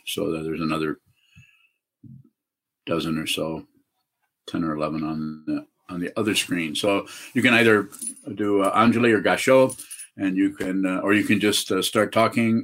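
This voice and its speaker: Man, lowish voice, zen teacher answering questions, halting with lots of fillers, video call. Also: a bit bright. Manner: halting, many fillers and restarts.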